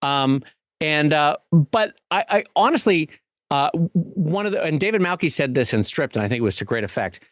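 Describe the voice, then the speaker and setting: A man's voice: fairly high pitch, moderate pace, dry recording, clean studio sound. A man co-hosting a podcast, chatting casually and with energy, full of fillers and restarts. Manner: animated, many fillers and restarts. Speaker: podcast co-host. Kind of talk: casual chat.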